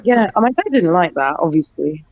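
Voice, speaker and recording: A woman's voice: fairly low pitch, animated, brisk, darkish tone, lo-fi sound. A woman hosting a casual group chat on a stream, teasing and laughing often. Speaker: stream host.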